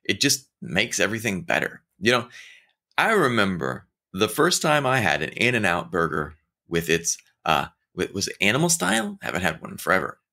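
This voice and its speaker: A man in a casual motivational talk whose pitch jumps up and down as he tells stories. His tone is bright and forward, and he talks straight to the listener. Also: moderate pace. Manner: animated storytelling, acting out quoted voices; conversational, addresses listener directly.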